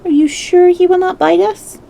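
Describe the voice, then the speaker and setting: A woman voicing a small, proud female mouse queen in a squeaky little voice. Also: animated, moderate pace, mellow.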